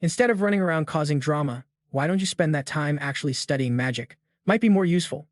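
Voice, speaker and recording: A man voicing a calm, unbothered young male sorcerer who talks with cool contempt. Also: on the high side, quick pace, no room sound, studio quality, lightly acted. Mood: cool, contemptuous. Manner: cool, contemptuous, ice-cold.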